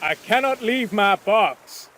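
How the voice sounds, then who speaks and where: A man's voice: high voice, animated, slow pace, fairly bright tone, slight background noise, pitched above the performer's own voice, full character voice. A man voicing a desperate, half-mad man. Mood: stubborn pleading. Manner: pleading, stubborn.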